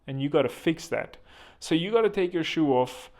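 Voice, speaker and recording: A man's voice: a little high, lively intonation, normal speed, darkish tone. A man hosting a comedic self-help monologue, rambling and joking crudely at his own expense. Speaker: host.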